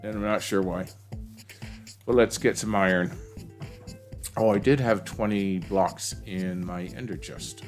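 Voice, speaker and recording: A man's voice: sits low, a little slow, long pauses, faint music behind. A man streaming a game, rambling to himself and greeting chat as he plays. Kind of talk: casual gameplay commentary.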